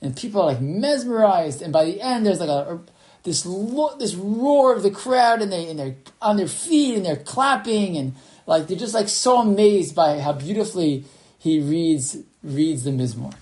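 A man's voice: high-pitched, expressive, normal speed, a little mellow. A man teaching a Torah class over a video call, telling a story and reading sources, with many fillers and restarts. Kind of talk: online class lecture.

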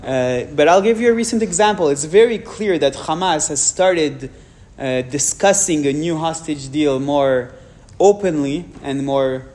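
This man's voice is a little high with a darkish tone, and he has a French accent. He gives a public talk, answering questions from the audience frankly amid measured pauses and restarts.

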